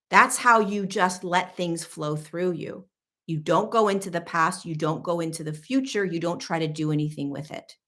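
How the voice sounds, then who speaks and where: A woman's voice: low-pitched, a bit bright. A woman in her thirties, a spiritual teacher, talking casually and animatedly, acting out her own inner voice with frank, mild swearing. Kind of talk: casual talk to camera.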